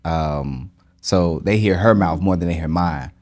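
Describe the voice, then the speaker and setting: A man hosting a podcast, talking in a relaxed, casual way and laughing at his own stories. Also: deep voice, measured pace. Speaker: podcast host. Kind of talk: casual chat.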